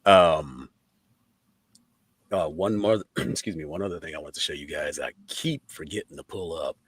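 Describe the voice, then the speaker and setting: A podcast host with a very deep, husky voice talks at normal speed on a casual talk show. He's animated, laughs often, and swears freely throughout.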